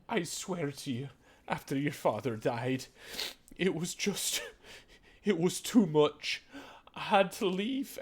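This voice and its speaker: A man voicing a distraught older dwarf mother who stammers and sobs as she pleads. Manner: sobbing, stammering, high-pitched pleading.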